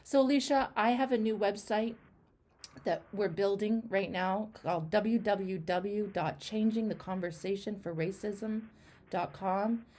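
A woman hosting an interview, speaking with impassioned, repetitive emphasis that swings between loud outbursts and hushed words. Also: medium pitch, unhurried. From Canada. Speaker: host. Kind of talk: emotional interview conversation.

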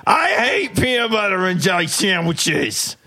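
A man voicing a grumpy, simple old male factory worker who whines in a high, drawn-out wail. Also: very animated, sharp tone, exaggerated voice. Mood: grumbling.

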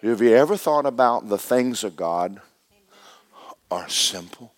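A man preaching a sermon as a story, swinging between loud bursts and hushed words. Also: mid-range voice, expressive, measured pace.

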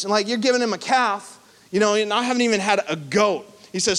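A man's voice: high-pitched, fast talker, fairly bright tone, smooth. A man in his thirties preaching a sermon in a church, conversational, slipping into quoted voices. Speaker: pastor.

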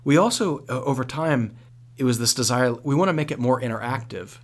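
Male priest, radio interview guest, animated storyteller with frequent restarts. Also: medium pitch, a little fast.

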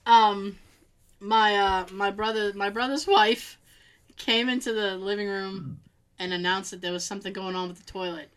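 A woman's voice: mid-range voice, little pitch movement, normal speed, a bit bright, smooth. A middle-aged woman co-hosting a casual chat, telling profane family stories with a lot of cursing. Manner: profane, storytelling, imitates family in quotes. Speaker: podcast co-host.

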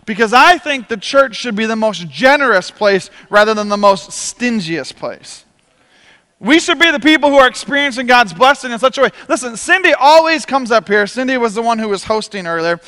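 A male pastor preaching a sermon from a church stage, telling stories with energy and quick repeats. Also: very high voice, animated, sharp tone, in a large hall.

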